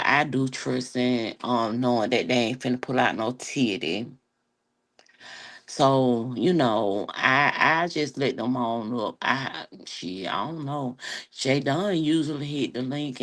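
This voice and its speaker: Gravelly low-voiced woman gossiping on a livestream. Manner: animated, profane, teasing, calls viewers baby and honey. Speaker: livestream host. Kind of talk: casual gossip chat on a livestream.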